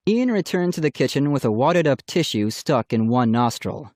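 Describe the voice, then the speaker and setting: A man's voice: mid-range voice, animated, normal speed, hardly any pauses, a little mellow, no echo. Man reading a storybook aloud, dry close sound. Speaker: audiobook narrator. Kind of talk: scripted storybook narration.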